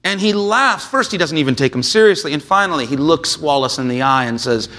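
A man preaching a sermon, reading a scripture passage and then explaining it in a relaxed, conversational way with frequent "uh"s. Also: on the high side, brisk. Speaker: pastor.

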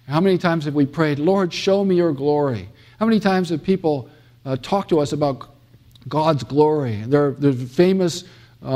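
A man's voice: on the high side, dark tone. A middle-aged man from the United States giving a classroom theology lecture, emphatic, with many fillers and restarts and dramatic quoting.

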